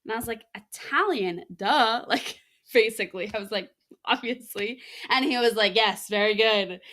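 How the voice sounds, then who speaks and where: A woman's voice: a little high, normal speed, fairly bright tone. A woman co-hosting a podcast, telling stories in casual chat with lots of "um" and "like". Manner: chatty, many fillers like "um" and "like". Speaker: podcast co-host. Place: living in France.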